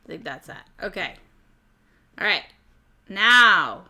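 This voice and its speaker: A woman's voice: mid-range voice, big pitch swings, takes it slowly, pushed and bright, highs cut off. A woman hosting a live stream, chatting casually with viewers, giggling often and stumbling over words. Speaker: livestream host.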